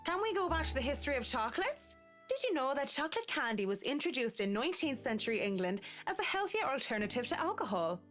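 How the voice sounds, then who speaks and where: A woman's voice: sits high, big pitch swings, fast talker, fairly bright tone, faint music behind, pitched above the performer's own voice. A woman voicing a drunk, sarcastic heroine around thirty who deflects with dry comebacks.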